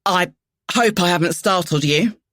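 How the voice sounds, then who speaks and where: A man's voice: high voice, unhurried, a bit bright, dry recording, clean studio sound. A woman voicing an earnest, apologetic young man with a broad London accent. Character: earnest young male fugitive, apologetic and loyal.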